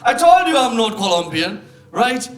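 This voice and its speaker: A young man with a Sri Lankan accent performing live stand-up comedy, telling animated stories and punching up the lines loudly. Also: extremely high pitch, normal speed. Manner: animated storytelling, shifting into loud exclaiming punchlines. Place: comedy club stage with live audience. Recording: live show with crowd laughter. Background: audience laughing.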